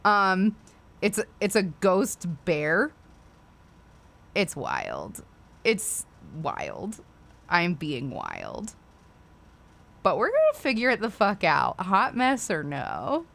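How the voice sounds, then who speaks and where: A woman's voice: medium pitch, huge pitch swings, takes it slowly, vocal fry, fairly bright tone. Profane woman ranting on a livestream. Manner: profane, ranting, apologetic asides. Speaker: livestream host. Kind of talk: casual livestream chat.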